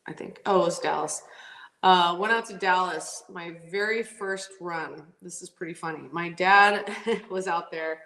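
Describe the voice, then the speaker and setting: Animated woman telling racing stories. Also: fairly low pitch, a little slow. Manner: animated, laughs often, lots of "like" fillers. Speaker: drag racing driver, podcast guest. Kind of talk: casual storytelling interview. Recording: roomy echo.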